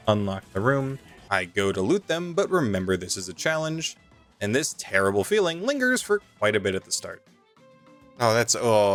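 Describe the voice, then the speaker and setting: A man's voice: on the low side, big pitch swings, normal speed, fairly bright tone, soft background music. A young man giving comedic gameplay commentary, joking and self-mocking with stammered restarts. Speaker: gaming youtuber.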